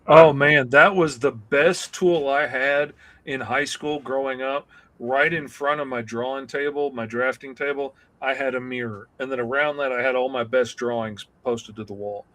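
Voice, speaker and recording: A man's voice: mid-range voice, fairly even intonation, moderate pace, a bit bright. A man co-hosting a casual comics livestream, telling self-deprecating jokes and stories. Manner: joking, self-deprecating storyteller. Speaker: comic artist co-host.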